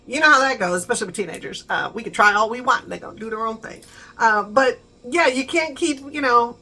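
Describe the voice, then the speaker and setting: A woman's voice: high voice, a little fast, sharp tone, poor audio. A middle-aged woman chatting casually to her viewers, encouraging and laughing often. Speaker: vlogger. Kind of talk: casual chat to camera.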